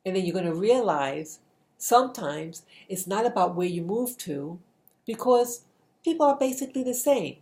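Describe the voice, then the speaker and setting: A woman's voice: medium pitch, expressive, normal speed, mellow. A middle-aged woman giving an earnest spoken message to camera, often restarting her sentences. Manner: earnest, repetitive, with frequent restarts. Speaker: video blogger giving a motivational message. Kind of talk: casual spoken monologue.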